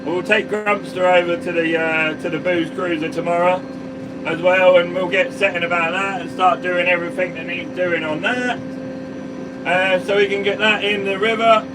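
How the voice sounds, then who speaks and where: A man's voice: high voice, steady tone, normal speed. A man, a farmer, chatting casually on a live stream from his sprayer cab and greeting viewers by name. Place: sprayer cab on a farm field. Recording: mic at a distance, vehicle noise.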